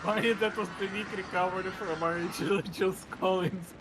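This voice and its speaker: A man's voice: sits high, steady tone, normal speed, background noise. A man co-commentating a speedrun in casual chat, whiny and laughing, swearing often.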